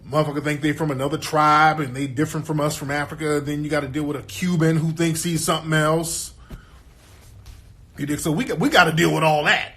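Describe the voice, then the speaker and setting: A man holds forth in a loose, emphatic monologue, streetwise and profane. He keeps checking that the listener is with him, and his voice sits somewhat high for a man. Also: fairly even intonation, a little fast, bright, forceful tone. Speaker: guest commentator. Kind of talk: casual monologue.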